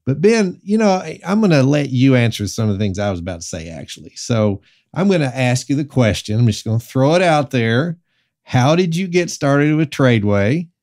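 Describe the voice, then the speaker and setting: A man with a Southern US accent, a pastor hosting a casual podcast interview, relaxed and folksy with many fillers. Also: mid-range voice, moderate pace. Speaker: podcast host.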